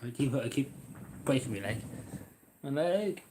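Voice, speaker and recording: A man's voice: medium pitch, sing-song, measured pace, background noise. A man talks casually into a desk mic on his livestream. He rambles, making sarcastic, jokey asides as he goes. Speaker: livestream host.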